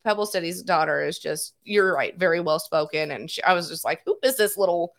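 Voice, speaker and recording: A woman's voice: lowish voice, fairly quick, gravelly. A woman co-hosting a casual chat show, chatty and giggly. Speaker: co-host.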